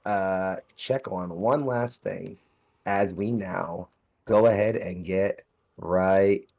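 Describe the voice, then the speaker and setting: A man's voice: deep voice, slow, gravelly, darkish tone, muffled recording. A man acting as game master in a tabletop role-play game, playful and joking with the players. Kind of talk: casual banter running a tabletop game.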